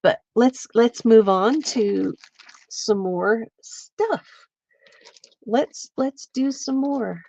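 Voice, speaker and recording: A woman's voice: fairly high pitch, very slow, gravelly, a little mellow, no room sound, lo-fi sound. A woman hosting a casual livestream stitching demo, thinking aloud and greeting viewers by name. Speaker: craft show host. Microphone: streaming setup mic.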